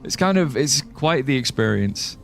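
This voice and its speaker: A man's voice: medium pitch, animated, normal speed, vocal fry, faint music behind. A young British man streaming a game, rambling and joking casually and swearing as he reads chat aloud. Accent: British English. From United Kingdom. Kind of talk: casual livestream chat while gaming.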